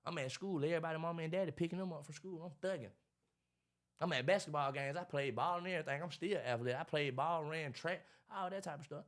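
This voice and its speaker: A man, talking in a casual interview about his life, animated and preachy, acting out what others say. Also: a little high, quick pace. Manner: animated, preachy storytelling with acted-out quotes. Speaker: podcast guest, motivational speaker.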